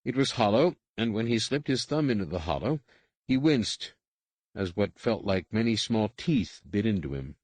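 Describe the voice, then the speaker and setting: A man reads a science-fiction audiobook in a measured, even storytelling manner. His voice sits low, and the studio recording is close and dry with no room sound. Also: slightly rough, no echo. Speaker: audiobook narrator. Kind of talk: scripted narration.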